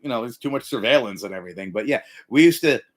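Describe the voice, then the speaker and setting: A middle-aged man hosting a livestream, giving profane, animated life advice and breaking into yelled impressions. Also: medium pitch, quick pace. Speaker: livestream host. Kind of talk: profane motivational rant.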